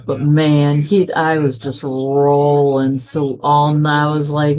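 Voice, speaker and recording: A middle-aged woman who vlogs about crafting talks casually while making things, chatty and rambling, acting out quoted dialogue as she moves between stories. Her voice is low-pitched and darkish, with fairly even intonation, a slow pace, and hardly any pauses.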